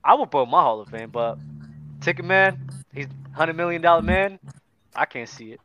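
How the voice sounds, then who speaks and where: A man's voice: fairly high pitch, expressive, a little fast, pushed and bright, lo-fi sound, slight background noise. A man co-hosting a basketball podcast, talking emphatically and repeating his points. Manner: emphatic, repeats himself for stress. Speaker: podcast co-host. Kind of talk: casual sports debate.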